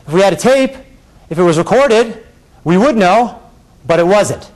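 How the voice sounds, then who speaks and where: High-voiced lawyer arguing to a jury. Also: male voice, expressive, normal speed. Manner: rhetorical, repeated questions to the jury; dramatic shifts between quiet and raised voice. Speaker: defense lawyer. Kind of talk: courtroom closing argument. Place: courtroom.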